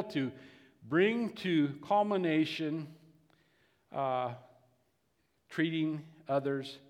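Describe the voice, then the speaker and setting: A man's voice: a little high, a little mellow, long reverb tail. A man preaching a sermon in a conversational way, often restarting and repeating words.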